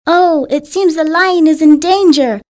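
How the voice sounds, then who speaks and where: A woman voicing a tiny, timid male mouse in a children's storybook, squeaky and pleading. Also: unhurried, a little mellow. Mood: eager. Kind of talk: storybook character voice.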